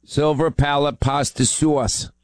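A man's voice: on the high side, fairly even intonation, takes it slowly, a little mellow, dry recording. A man hosting a call-in talk radio show, teasing his callers and then pressing his points with urgency.

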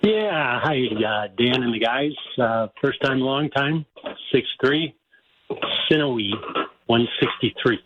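A man's voice: mid-range voice, lively intonation, takes it slowly. A man in his sixties calling a radio show, jokey and chatty. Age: 60s. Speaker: caller. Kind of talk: call-in question. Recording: dull line, loud noise.

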